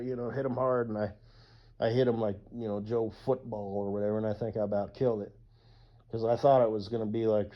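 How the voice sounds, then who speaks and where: A man talking in a casual rambling monologue as a YouTuber, profane and full of whooping asides, on slightly dull lo-fi audio. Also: on the low side.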